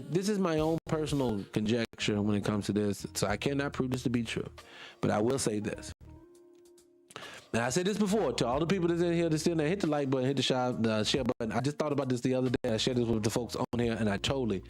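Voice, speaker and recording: A man's voice: mid-range voice, fast, darkish tone, faint music behind. A man from North Carolina, hosting a casual livestream and answering viewer comments in a rambling, heated, emphatic way. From North Carolina, USA. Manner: rambling, heated and emphatic, loses his train of thought. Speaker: livestream host.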